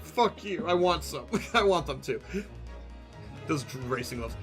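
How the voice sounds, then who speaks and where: Irreverent, bright-voiced male streamer. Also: fairly high pitch, animated, a little slow, faint music behind. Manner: irreverent, joking, swears freely. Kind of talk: let's-play commentary.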